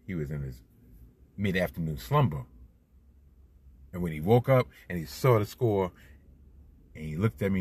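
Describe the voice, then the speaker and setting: Middle-aged new guy ranting about football, husky, swings all over in pitch. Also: normal speed, long pauses. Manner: animated, swears freely, swings loud. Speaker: podcast host. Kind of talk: solo sports commentary podcast.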